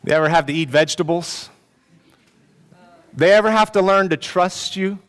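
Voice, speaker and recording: A man with a high-sitting, fairly bright, clean voice speaks at a normal speed. He's a pastor preaching a sermon in a church hall before an audience, poking fun at himself through a personal story and joking with the congregation. The recording carries a long hall reverb.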